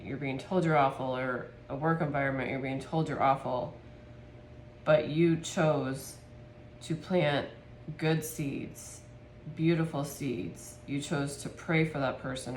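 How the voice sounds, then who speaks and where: A woman giving a spiritual tarot reading to her viewers, speaking softly and with heartfelt emotion. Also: sits low, roomy sound, slight background noise. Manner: soft, heartfelt, gets emotional. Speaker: tarot reader.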